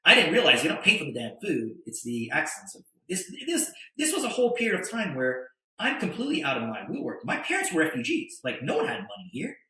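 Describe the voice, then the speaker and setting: Man, podcast guest, animated storyteller, bright edgy tone, echoey room. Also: on the high side, fast talker. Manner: animated, stammering restarts, tag questions. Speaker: podcast guest, attorney and entrepreneur. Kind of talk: casual anecdotal storytelling.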